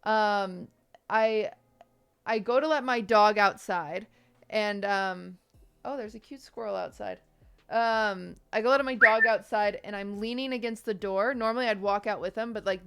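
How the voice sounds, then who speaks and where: A woman hosting a casual call as a streamer, talking in chatty, expressive stories full of fillers. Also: mid-range voice, moderate pace, clear, resonant tone. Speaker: streamer and host.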